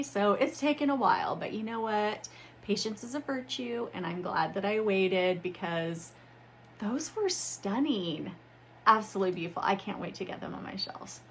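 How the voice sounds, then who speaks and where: A young adult woman hosting a book channel, chatting casually and gushing with excitement as she unboxes books at home. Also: mid-range voice, slight background noise. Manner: gushing, excited, calls viewers "you guys". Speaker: booktube host. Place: home room with ring light.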